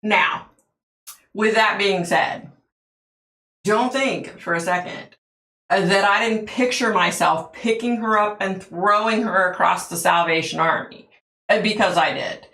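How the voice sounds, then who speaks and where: A woman's voice: mid-range voice, unhurried, creaky, bright, forceful tone, roomy sound. A woman hosting a livestream, telling stories in a chatty way, laughing often and answering viewers' comments. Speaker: livestream host. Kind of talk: casual chat with viewers.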